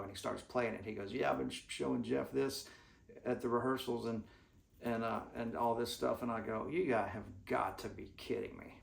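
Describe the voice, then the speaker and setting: Male storyteller, gravelly, rambling and folksy, recorded in an echoey room. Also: medium pitch. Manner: rambling, folksy, many restarts and fillers. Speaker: guitarist telling stories. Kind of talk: casual storytelling.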